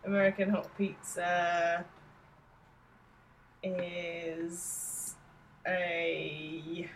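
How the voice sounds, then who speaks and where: A woman's voice: fairly low pitch, flat delivery, very slow, slight background noise, poor audio. A woman co-hosting a casual podcast, telling the story with a wry, giggly manner. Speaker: podcast co-host. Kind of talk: casual chat recapping a TV episode.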